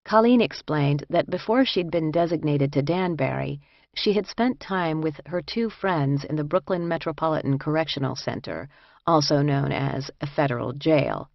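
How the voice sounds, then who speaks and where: Woman narrator, low voice, measured first-person audiobook read; dry, dull studio sound. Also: expressive, vocal fry, dry recording.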